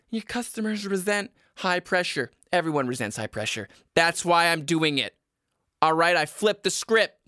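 Loud, ranting comedy podcast man. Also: expressive, normal speed, dry recording, studio quality. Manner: loud, high-energy, shouty and profane; sarcastic, self-mocking.

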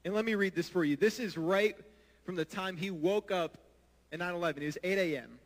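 An earnest man delivers a sermon, his fairly high voice ringing out with a long hall reverb behind it. He talks straight to the congregation, pressing them with questions. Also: brisk. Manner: earnest, asks the audience direct questions. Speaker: pastor.

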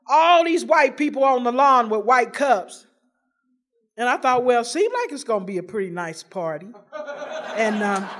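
A woman telling her personal recovery story to an audience, in an animated and humorous storytelling manner with dramatic pauses. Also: sits high. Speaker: recovery meeting speaker.

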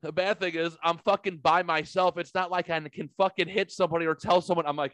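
A man's voice: a little high, steady tone, quick pace, fairly bright tone, no room sound. Man, podcast host, casual chat, rambling, swearing, dry close sound. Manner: rambling, profane storytelling.

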